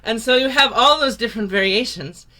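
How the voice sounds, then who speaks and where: A woman's voice: a little high, fairly quick, pushed and bright. A woman teaching a folk song in an encouraging, patient and playful way. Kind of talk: leading a sing-along lesson.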